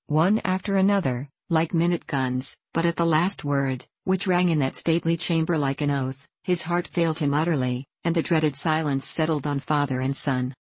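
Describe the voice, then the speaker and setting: A woman narrating a classic novel in a measured, plain reading voice, lightly voicing the dialogue. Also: sits low, darkish tone, breathy edge, dry recording. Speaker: audiobook narrator.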